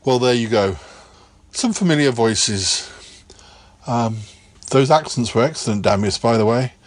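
Male podcast host, wry and relaxed, lively pitch. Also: unhurried. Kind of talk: casual chat.

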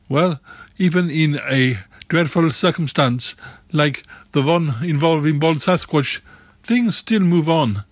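A man's voice: fairly high pitch, no echo. A man voicing an earnest, formal character who speaks in careful, uncontracted phrases. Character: earnest, formal male searcher.

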